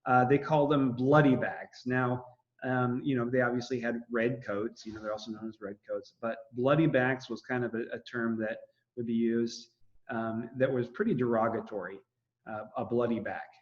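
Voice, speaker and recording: A man's voice: medium pitch, steady tone, normal speed. Guy from the teaching history, lots of ums and restarts, kinda muffled lo-fi recording. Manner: rambling, frequent fillers and restarts. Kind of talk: casual classroom lecture.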